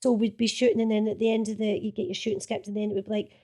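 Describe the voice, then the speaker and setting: Racing along in a mid-range, mellow voice with a level tone, a middle-aged Scottish actress reminisces as a guest. She talks casually about her earlier work, laughing and swearing as she goes.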